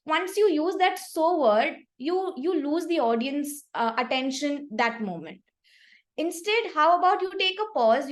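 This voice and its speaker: High-voiced woman giving upbeat feedback. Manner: upbeat, encouraging, gives gentle suggestions. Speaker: table topics evaluator. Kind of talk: club meeting evaluation, feedback.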